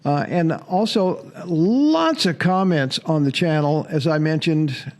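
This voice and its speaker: A man's voice: on the high side, expressive, slow pace, a little mellow. Chatty man hosting a sports show. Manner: chatty, laughs often, mocks commenters. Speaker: sports podcast host. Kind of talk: casual monologue to viewers.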